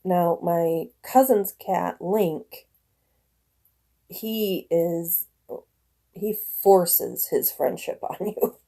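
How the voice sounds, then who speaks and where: A woman's voice: lowish voice, drawn-out words, gravelly, long pauses, mellow. A woman in her forties from northern Michigan, chatting with live viewers at home in a rambling way, often laughing. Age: 40s. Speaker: live-stream host. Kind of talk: casual chat with viewers.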